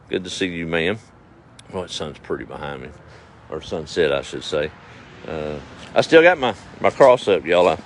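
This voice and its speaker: A middle-aged man, hosting a casual outdoor livestream and reading viewer comments in a folksy, drawling way with frequent chuckles. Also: low voice. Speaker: livestream host. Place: outdoors at dusk. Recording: faint outdoor noise with passing vehicles.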